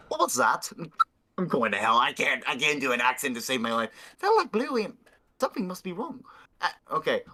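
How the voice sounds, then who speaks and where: Young male host, bright voice, reads text aloud casually and stumbles, cursing between lines. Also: medium pitch, rough recording. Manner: stumbling, swearing asides, uneasy laughs. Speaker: host reading a fan fiction aloud. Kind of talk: casual reading with commentary.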